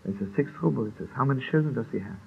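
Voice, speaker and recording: Man, animated storyteller voicing the characters, old tinny recording with hiss. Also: mid-range voice, very fast, vocal fry. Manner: animated storyteller, acts out dialogue, laughs often. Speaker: rabbi telling a Hasidic story. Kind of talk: storytelling talk.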